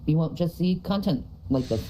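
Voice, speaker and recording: A woman's voice: deep voice, animated, normal speed, warm tone, slight background noise, poor audio. A woman co-hosting a livestream, mostly agreeing in short, casual replies. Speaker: livestream co-host.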